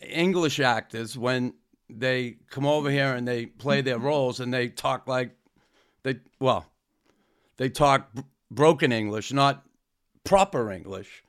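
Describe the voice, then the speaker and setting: A man's voice: medium pitch, unhurried, a bit bright. A man with a Boston accent, co-hosting a casual podcast chat, blunt and swearing freely. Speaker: podcast co-host.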